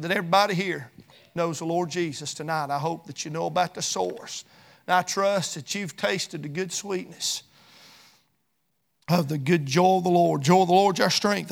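A man preaching a sermon at a church service, fervent and emphatic, then dropping to a hushed tone for the closing prayer. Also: sits high, creaky. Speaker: pastor.

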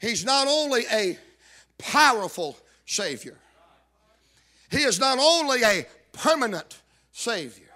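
A man preaching a sermon, repeating call-outs to the congregation and rising into shouted emphasis. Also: very high-pitched, very animated, takes it slowly, long pauses. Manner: builds to shouted emphasis, calls out "are you listening".

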